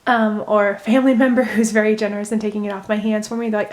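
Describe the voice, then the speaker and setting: A woman chatting casually in a how-to craft video, rambling gently and thinking aloud with many fillers. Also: medium pitch, level tone, very fast, few pauses. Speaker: crochet vlogger. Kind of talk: casual how-to chat while unraveling knitting.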